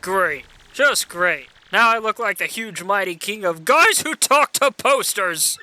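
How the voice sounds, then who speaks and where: A man's voice: sits high, measured pace, sharp tone, full character voice. A man voicing a boastful, blustering turtle king in a fan playthrough of a video game. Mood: sulky. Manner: bombastic, blustering.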